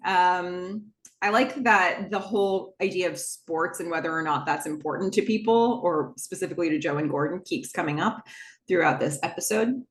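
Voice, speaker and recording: Recapping a TV episode on her podcast, a woman speaks at a moderate pace in a lowish voice, casual and chatty with lots of fillers and asides. The recording is reverberant.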